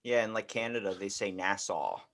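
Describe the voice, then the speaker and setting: A man with a Baltimore accent chats as a podcast guest, telling anecdotes and putting on voices for the people he quotes. His pitch sits a little above the usual for a man. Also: lively intonation, fairly quick, a bit bright. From near Baltimore, USA. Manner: chatty, acts out quotes in funny voices. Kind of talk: casual chat.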